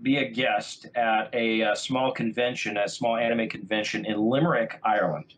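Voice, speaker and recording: A man from California, a voice actor, telling stories on a podcast in a relaxed, rambling way with many fillers. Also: on the low side, moderate pace, slight background noise, poor audio. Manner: relaxed anecdotal telling, many ums and uhs. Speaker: guest voice actor. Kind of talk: casual storytelling on a podcast.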